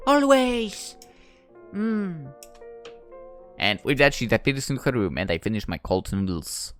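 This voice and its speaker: A man reading a first-person story aloud, conversational and expressive, his pitch moving a lot through each line. Faint music plays underneath the narration. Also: fairly quick.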